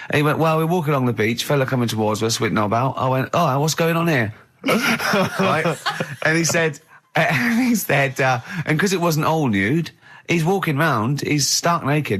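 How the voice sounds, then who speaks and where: A man's voice: fairly high pitch, fairly bright tone. Giggly man telling an anecdote. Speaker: radio host. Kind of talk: casual radio banter.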